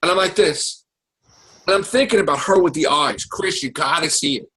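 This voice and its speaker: A man hosting a casual podcast chat, recapping TV shows in an excitable, profane, animated way. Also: fairly high pitch, moderate pace, poor audio. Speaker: podcast host.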